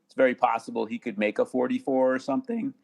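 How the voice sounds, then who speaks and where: A man talking casually as a podcast guest, halting with many restarts and fillers. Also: medium pitch, fairly even intonation, vocal fry, darkish tone. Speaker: guest attorney.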